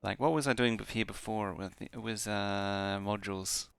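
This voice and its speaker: Low gravelly man muttering to himself. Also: steady tone, moderate pace, a bit bright, no room sound. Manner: mumbles half-sentences to himself, counting aloud. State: tipsy from beers. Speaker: game streamer. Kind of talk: casual muttering while playing.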